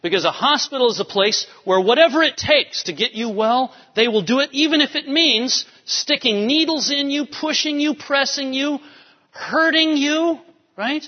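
A male pastor giving an animated sermon, swinging between soft, quiet lines and emphatic rises. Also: very high voice, moderate pace. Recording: dull sound with long hall reverb.

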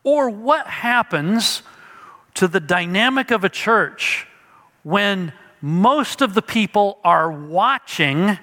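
A man's voice: high voice, lively intonation, slow, pushed and bright, long reverb tail. A male pastor preaching an expository sermon, emphatic and teaching through rhetorical questions.

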